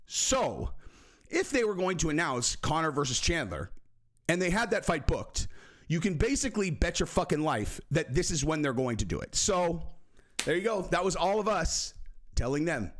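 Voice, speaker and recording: A man hosting a casual vlog, talking in an animated, profane, jokey way with many fillers. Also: a little high. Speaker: host.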